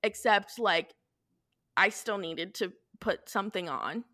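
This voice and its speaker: Young woman, bright tone, animated storyteller, swears a lot, casual podcast chat. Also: medium pitch, measured pace.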